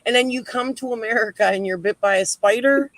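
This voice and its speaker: A man with a high, bright voice listens in a casual chat. He chimes in with short sympathetic reactions and questions. The sound is dry and close. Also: brisk, no room sound.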